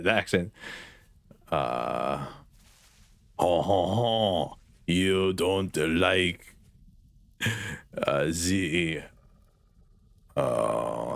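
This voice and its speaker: A young man with a very deep voice rambles to his chat as he plays, sarcastic and offhand, swearing now and then. The sound is dry and close. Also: fairly bright tone, no echo. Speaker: streamer. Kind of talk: casual gameplay chat with chat.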